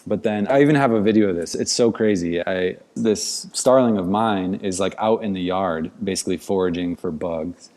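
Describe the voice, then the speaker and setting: Low, mellow-voiced man telling a story. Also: normal speed, few pauses. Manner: rambling, many "like" fillers. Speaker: podcast guest, outdoor educator. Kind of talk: casual storytelling in conversation.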